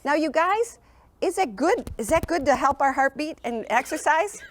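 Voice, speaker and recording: Woman, classroom presenter, sing-song encouraging teacher voice, somewhat high, keeps checking in with the kids. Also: lively intonation, normal speed. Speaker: sleep program presenter. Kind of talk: classroom presentation to young children. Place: school classroom.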